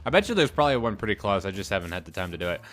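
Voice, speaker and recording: Upbeat young man, lively bright voice. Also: sits low, rapid-fire. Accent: Southern US, mostly hidden. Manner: chatty, upbeat, thinks aloud with fillers and laughs. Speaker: Let's Play host. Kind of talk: casual gameplay commentary.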